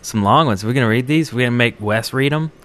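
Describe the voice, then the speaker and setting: A man's voice: mid-range voice, fast talker, a bit bright. A man co-hosting a casual gaming podcast, rambling loosely with lots of fillers and frequent laughter. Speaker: podcast co-host.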